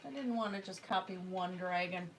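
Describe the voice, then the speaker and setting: A woman's voice: lowish voice, normal speed, a little hiss or hum. A woman chatting casually while she paints on a livestream, rambling with fillers and self-corrections. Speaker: artist livestreaming a painting session.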